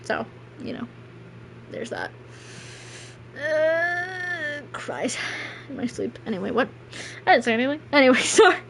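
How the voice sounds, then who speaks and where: Woman streamer, higher voice, rambling and self-deprecating over a game, faint room noise. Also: very animated, measured pace, long pauses. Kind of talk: casual gameplay stream chat.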